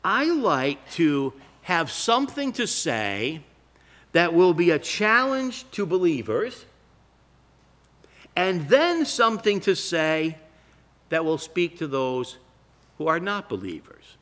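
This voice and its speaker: A middle-aged man preaching a sermon as pastor, reading scripture aloud and slowing down to stress key phrases. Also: fairly high pitch, big pitch swings, a bit bright.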